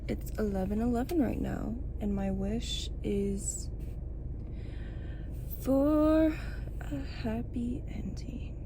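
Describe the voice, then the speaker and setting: A woman book vlogger talking casually to camera, emotional and often dropping to a hushed whisper. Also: on the high side, creaky, background noise. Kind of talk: casual vlog talk to camera. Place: in a car, then at home late.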